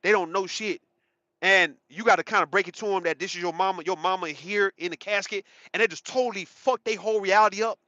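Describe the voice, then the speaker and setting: A man's voice: high-pitched, fast talker, bright, forceful tone, dry recording. A man in his thirties giving a rambling, profane, emphatic casual commentary monologue, often repeating himself. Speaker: commentary channel host. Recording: dull, muffled sound.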